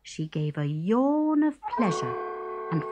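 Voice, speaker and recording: A woman narrating a children's story in a gentle, expressive storybook manner. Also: fairly low pitch, takes it slowly. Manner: gentle, expressive read-aloud. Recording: music bed behind.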